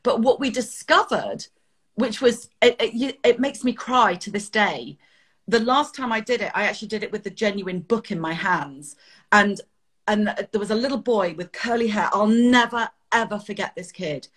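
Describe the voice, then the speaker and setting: Middle-aged English woman, children's author, interview guest. Husky, lively storyteller. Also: medium pitch, moderate pace. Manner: animated storytelling, laughs often. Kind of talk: casual interview chat.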